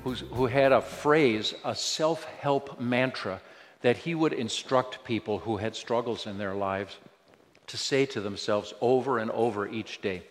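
A man delivers a sermon with earnest conviction, asking his listeners questions. His voice rings out with a long reverb, as if he is in a large hall. He sits at a middle pitch for a man. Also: unhurried, soft background music. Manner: earnest preaching with rhetorical questions. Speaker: pastor.

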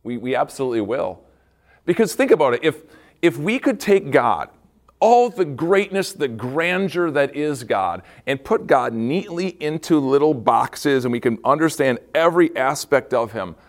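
A man's voice: fairly high pitch, expressive, normal speed. A middle-aged man, a school pastor, gives a devotional talk to students and acts out the quotes as he tells the story.

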